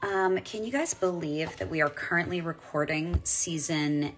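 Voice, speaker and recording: A woman's voice: sits low, moderate pace. A woman in her forties, a voice actress chatting casually on a live stream while signing autographs and reading fan comments aloud. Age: 40s.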